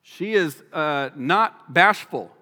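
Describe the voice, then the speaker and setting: Bright high-voiced man preaching a sermon. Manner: animated, acts out the people in the story in quick voices. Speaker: pastor. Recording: long hall reverb.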